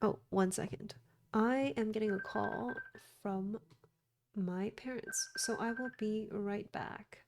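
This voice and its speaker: A woman's voice: mid-range voice, slow, background noise. A woman from Canada chatting casually while playing a game, musing aloud. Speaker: streamer. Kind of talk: let's play commentary.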